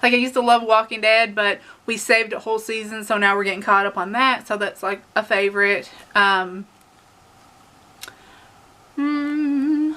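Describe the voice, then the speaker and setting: Young Southern woman vlogger, bright and a touch high, chatty and rambling. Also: measured pace. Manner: chatty, rambling, laughs often, many fillers. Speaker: beauty vlogger. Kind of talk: casual to-camera chat.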